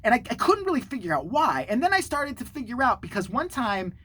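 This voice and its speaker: A man hosting his own channel, telling a story to the camera in a sarcastic, profane, animated way. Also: very high voice, a little fast, breathy edge. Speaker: channel host.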